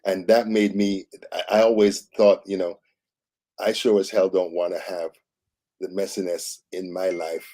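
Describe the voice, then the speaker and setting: A male co-host on a morning news show with a deep, low voice and a mellow, dark tone. He talks in a relaxed, conversational way, sometimes stammering and restarting before making his point. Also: measured pace. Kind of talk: casual talk-show commentary.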